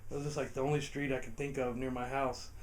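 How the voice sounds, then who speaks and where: A man's voice: medium pitch, flat delivery, fast talker. A man telling a profane, laughing comic anecdote and acting out the voices in it. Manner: profane, laughing, acts out voices in his story. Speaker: storyteller.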